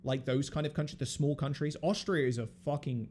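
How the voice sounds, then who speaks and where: A man's voice: medium pitch, fairly quick, a little mellow, a little hiss or hum. Laid-back, swearing Southern English man. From England. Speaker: podcast host. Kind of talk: casual chat.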